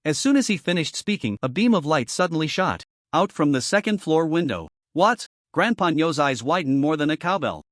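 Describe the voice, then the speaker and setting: Animated man narrating a story. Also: a little high, brisk, dry recording, studio quality. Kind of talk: scripted narration.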